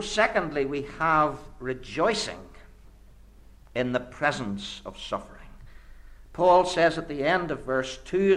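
A man delivering a sermon, his fairly high voice ranging widely in pitch. He builds his points through repeated, rhetorical phrases. He drops to hushed low lines and then rises suddenly for emphasis. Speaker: preacher.

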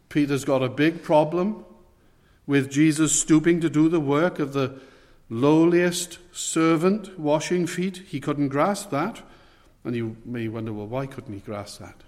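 Earnest preacher in an echoing hall. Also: male voice. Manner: earnest, emphatic, slows and drops to soft low phrases. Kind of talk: sermon. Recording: long hall reverb.

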